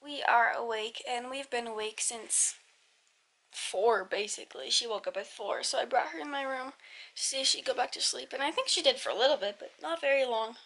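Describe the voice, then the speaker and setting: A woman's voice: fairly high pitch, brisk, fairly bright tone. A woman in her twenties, a young mother chatting casually to camera in a home vlog, sometimes slipping into sing-song baby talk. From United States. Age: 20s. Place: home indoors.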